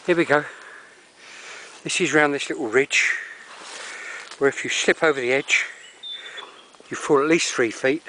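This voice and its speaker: A man's voice: on the high side, unhurried, long pauses, sharp tone, slight background noise. An older man with a Cockney accent, wheezing and out of breath as he narrates a climb up a steep wooded hill. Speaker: vlogger. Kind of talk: walking vlog narration. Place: steep wooded hillside outdoors.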